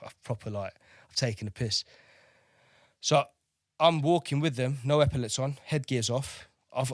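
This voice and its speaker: Male navy veteran, thirties, mid-pitched, candid and profane, dry close recording. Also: no echo. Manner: blunt, swears freely, keeps asking "do you know what I mean". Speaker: podcast guest, navy veteran.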